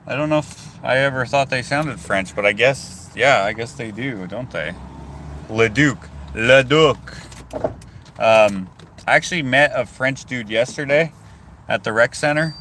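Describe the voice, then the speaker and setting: A man's voice: mid-range voice, normal speed, pushed and bright, a little hiss or hum. A man from Canada chats casually in a car to his phone and reads viewer comments, rambling and cutting himself off. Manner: rambling, chatty, self-interrupting. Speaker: vlogger. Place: inside a car.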